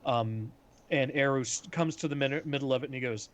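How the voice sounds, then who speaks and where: A man's voice: mid-range voice, steady tone, moderate pace, a little hiss or hum. A man narrating a tabletop game as game master, talking casually with lots of "like" and "um". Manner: casual, full of "like" and "um".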